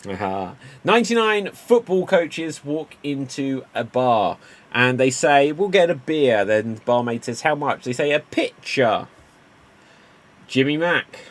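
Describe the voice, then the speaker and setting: A man's voice: medium pitch, lively intonation. Man hosting an improv joke game. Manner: quick punny joke-telling, calls on players. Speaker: improv show host.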